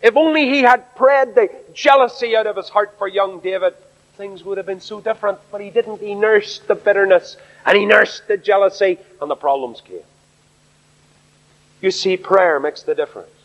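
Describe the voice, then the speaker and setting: A man's voice: high-pitched, moderate pace, fairly bright tone. A man preaching an earnest sermon at a Bible study, asking rhetorical questions. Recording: echoey hall, dull lo-fi sound.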